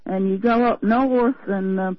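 A woman's voice: medium pitch, steady tone, a little slow, dry recording. An older woman from Tennessee with a Southern accent, chatting with a folksy, meandering manner as a radio caller. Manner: folksy, meandering, many fillers and restarts. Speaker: radio call-in listener. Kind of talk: rambling phone chat. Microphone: telephone. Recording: dull lo-fi phone line.

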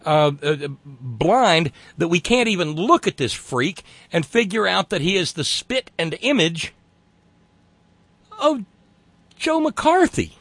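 A man hosting a call-in radio show, talking in a sardonic and mocking way. His pitch swings widely and with animation as he talks. The studio sound is dry and close. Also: big pitch swings, slow pace, a bit bright, no echo. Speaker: radio talk show host.

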